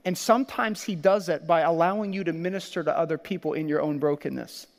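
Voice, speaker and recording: A man preaching a sermon as pastor, animated, laughing often and acting out quoted lines. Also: fairly high pitch, fairly quick, vocal fry, long reverb tail.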